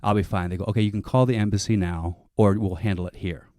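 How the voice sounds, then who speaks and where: A man telling a long comic story on a panel show, animated and swearing, acting out other people's lines. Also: lowish voice, quick pace, dry recording, studio quality.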